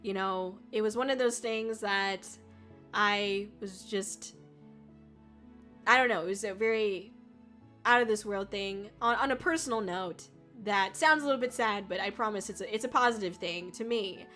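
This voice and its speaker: A woman's voice: mid-range voice, normal speed, sharp tone. A woman VTuber chatting casually on a livestream, rambling with lots of fillers and the odd swear. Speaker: VTuber streamer. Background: faint music.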